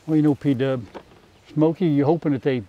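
A man's voice: on the high side, steady tone, normal speed, phone-quality sound, background noise. Folksy older man. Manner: folksy, chatty, talks to his animals. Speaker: farmer and vlogger. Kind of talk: casual farm vlog. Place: outdoors on a farm.

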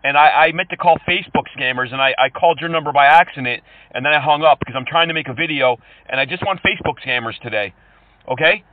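Mocking prank caller on a tinny line. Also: male voice, fairly high pitch, quick pace, dry recording. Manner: mocking, insulting, swings between fake-polite and yelling. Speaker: scam-baiting prank caller. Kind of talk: prank phone calls. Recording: tinny phone-call audio.

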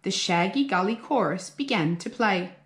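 A woman teacher reading a picture book aloud to young children, slow and expressive with a sing-song lilt. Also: mid-range voice. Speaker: primary school teacher. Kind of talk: children's storybook read-aloud. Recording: roomy echo.

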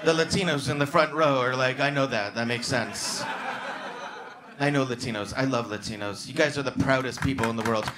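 A male stand-up comedian doing crowd work on a club stage, bantering with the audience and breaking into loud, excited outbursts. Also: medium pitch, brisk, noisy background. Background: audience laughter and club ambience.

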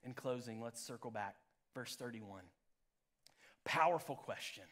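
A man preaching a live church sermon as pastor, swinging from loud peaks to hushed lows. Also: animated, a little slow. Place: church sanctuary.

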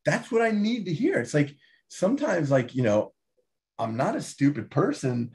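A man talking as an interview guest and author, emphatic and animated, often tagging his points with "right?". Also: a little high, moderate pace. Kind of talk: casual interview talk.

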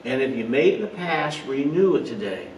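A man's voice: mid-range voice, big pitch swings, fairly quick, highs cut off, a little hiss or hum. Male pastor, earnest sermon delivery, recorded from a distance in a roomy space with faint ambience. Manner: earnest preaching with rhetorical questions, some slips and asides. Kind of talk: online Bible study sermon.

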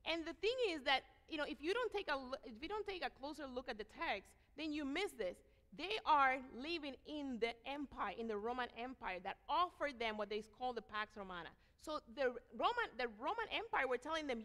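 A woman preaching a sermon in a church sanctuary, her voice pitched a little high and carried by a long reverb. She is animated, acts out the voices of the people she quotes, and keeps turning to the congregation with rhetorical questions. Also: a little fast, hardly any pauses. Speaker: guest preacher.

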